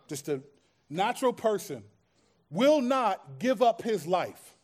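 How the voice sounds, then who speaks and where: A man's voice: high voice, darkish tone. A man preaching a sermon as pastor, in a conversational way that acts out everyday scenes and quoted voices.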